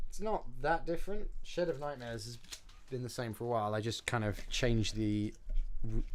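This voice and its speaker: A young man with a medium-pitched voice chats casually while building props on a live stream, and there's a little hiss or hum on the audio. Self-mocking and talkative, he reads out chat, replies and jokes about his own mess.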